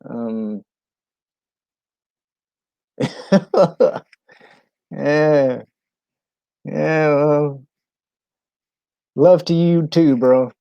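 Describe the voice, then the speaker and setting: A man from New England chatting casually on a live stream, halting and full of ums and restarts. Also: fairly high pitch, vocal fry, mellow, clean tone, no room sound, lo-fi sound.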